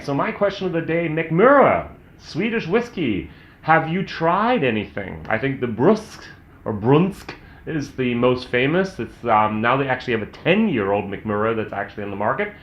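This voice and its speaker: A man's voice: medium pitch, sing-song, moderate pace. An American man hosting a casual whisky tasting review, chatty and candid, thinking aloud as he tastes. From United States. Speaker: whisky reviewer, channel host. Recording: roomy, slightly dull sound.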